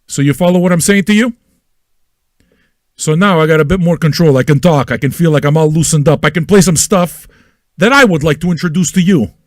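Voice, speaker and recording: A man hosting an independent online radio show, ranting crudely and loudly at his listeners and repeating himself as he goes. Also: a little high, fairly quick, no echo, studio quality. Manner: loud, manic and crude, with yelling and repetition; talks straight at listeners with repeated questions. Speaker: internet radio host. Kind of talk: profane ranting monologue.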